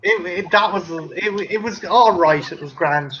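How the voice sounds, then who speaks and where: A man's voice: high-pitched, a little slow, a bit bright, dull audio, a little hiss or hum. An Irish man hosting a casual stream chat, joking and swearing often as he rambles. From Ireland. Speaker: stream host.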